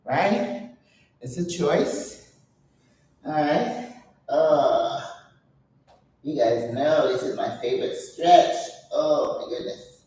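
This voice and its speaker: An older woman hosting a casual vlog while exercising, chatting and laughing often, with breathy exertion sounds. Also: low-pitched, expressive, slow, pauses often, mellow, very echoey, recorded from a distance, slight background noise, poor audio. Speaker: channel host.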